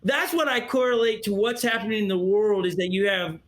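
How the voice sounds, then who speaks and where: A man's voice: high-pitched, brisk, a bit bright. A man hosting an interview, talking earnestly and telling personal stories, often stumbling and restarting as he searches for words. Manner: earnest storyteller, stumbles and restarts as he feels his way. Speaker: interview host. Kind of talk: heartfelt interview conversation.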